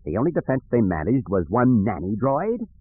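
A man's voice: fairly low pitch, sing-song, moderate pace, slightly rough, no room sound. A man voicing a ruthless, mocking imperial officer who snaps at his underlings, on a dry, tinny, phone-like recording. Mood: gloating. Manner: snappish, mocking. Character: gloating ruthless imperial officer, male adult.

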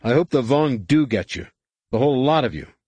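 A sarcastic, hostile captive pilot, as a male narrator puts him on, pitched up and sneering. The voice is husky and dry, close to the mic, with a lively, swinging delivery. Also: normal speed, no echo.

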